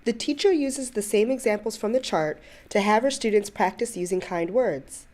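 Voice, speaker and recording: A woman reads scripted voice-over narration for an education video. Her voice is mellow and mid-pitched, her delivery calm and measured.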